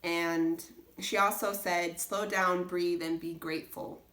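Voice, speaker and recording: A young mother chats to the camera about homeschooling in an earnest, rambling way, looping back with restarts and filler words. Her voice sits a little low for a woman. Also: flat delivery, slow pace, a bit bright. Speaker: homeschooling mom vlogger. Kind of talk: casual chat.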